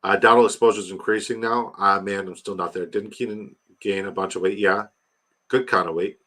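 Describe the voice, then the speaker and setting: A man's voice: fairly low pitch, steady tone, a little fast, fairly bright tone. A man hosting a livestream, chatting loosely, swearing and talking straight to his chat. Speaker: livestream host. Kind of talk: casual chat.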